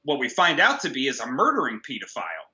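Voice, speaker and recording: A man's voice: medium pitch, wildly swooping pitch, fast talker, sharp tone, dull audio. A man co-hosting a casual movie review, ranting sarcastically with plenty of profanity. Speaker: podcast co-host.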